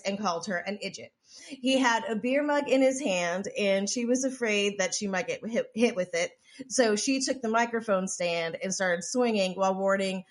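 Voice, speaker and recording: Woman on a podcast rambling through a story, swears a lot, keeps restarting sentences, mid pitch. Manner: profane, rambling, with frequent restarts and "like". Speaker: podcast co-host. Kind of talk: casual storytelling chat.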